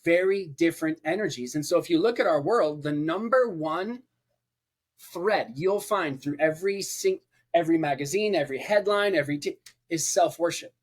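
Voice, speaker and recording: A preacher appears as a podcast guest, speaking passionately and conversationally with emphatic repetition and rhetorical lists. His voice is a little high, at a moderate pace.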